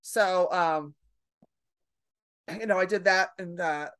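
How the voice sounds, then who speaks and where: A woman's voice: lowish voice, slow pace, a bit bright, clean tone. A woman stand-up comedian telling stories in a casual chat, acting out her own panicked thoughts.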